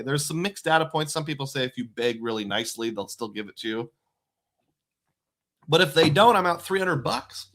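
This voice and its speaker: A man's voice: medium pitch, animated, fairly quick, pushed and bright. A man hosting a casual livestream about credit cards and bank bonuses, talking in a chatty, rambling way with many asides. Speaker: personal finance host.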